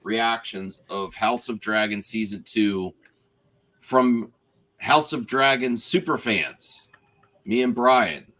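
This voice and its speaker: A man's voice: fairly low pitch, slow pace, pushed and bright. A man hosting a casual spoiler chat over a video call, rambling and restarting his sentences. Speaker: host.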